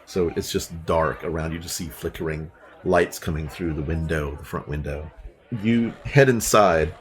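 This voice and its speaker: A man's voice: extremely low pitch, normal speed. A man narrating a tabletop game as game master, in a casual, descriptive way with many fillers.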